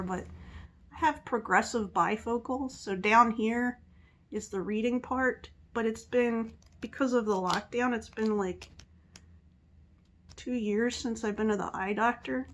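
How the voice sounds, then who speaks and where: A middle-aged woman from the Philadelphia area, with a mixed Philadelphia and Southern US accent, chatting in a rambling way in her vlog and laughing at herself. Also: on the high side. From Philadelphia area, USA. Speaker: vlogger. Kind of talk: casual chat.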